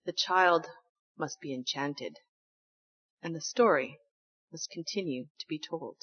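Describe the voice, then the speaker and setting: A woman minister speaking in a measured, reflective way to her congregation. Her voice sits rather low. The recording sounds slightly dull. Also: breathy edge. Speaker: minister leading the service. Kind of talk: sermon and service announcements.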